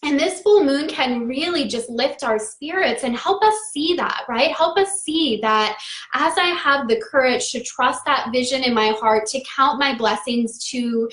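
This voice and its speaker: A woman's voice: high-pitched, unhurried, a bit bright, reverberant. A woman in her thirties hosting a live-stream astrology talk, upbeat and affirming, greeting viewers by name.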